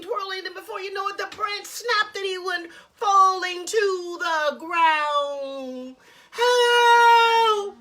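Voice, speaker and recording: High-voiced woman telling a children's story. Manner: lively, chatty asides.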